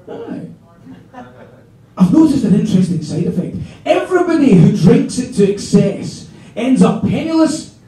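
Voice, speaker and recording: A man voicing a grumbling old Scotsman in the rain, with a Scottish accent and deadpan delivery. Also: very high-pitched, heavily acted. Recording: echoey club, distant mic, audience laughter.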